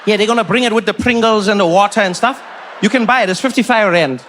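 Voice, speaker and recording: A man playing a male passenger who explains things in a deadpan, matter-of-fact way. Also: sits high, quick pace, slight background noise.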